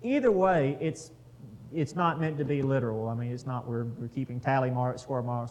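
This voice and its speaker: A man's voice: mid-range voice, normal speed, darkish tone, a little hiss or hum, rough recording. A man leading a casual Bible study, talking with the group, putting questions to them and reading scripture aloud.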